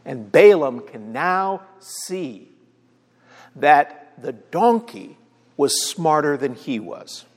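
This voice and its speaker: Slow-talking pastor in an echoing hall. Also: male voice, a little high, big pitch swings. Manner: storytelling, conversational, frequent "all right?" check-ins. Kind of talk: sermon. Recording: long hall reverb.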